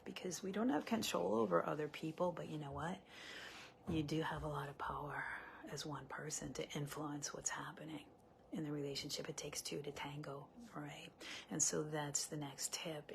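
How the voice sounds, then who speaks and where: A woman's voice: low voice, gravelly, slight background noise. A woman relationship coach talking earnestly and conversationally to her viewers, with many fillers and restarts. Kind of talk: live coaching talk to viewers.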